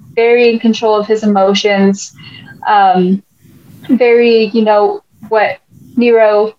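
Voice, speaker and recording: American woman podcast host, chatty and rambling, higher pitch, dull lo-fi recording. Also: a little mellow. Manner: rambling, loses her train of thought, many restarts. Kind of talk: casual chat. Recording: muffled lo-fi podcast audio.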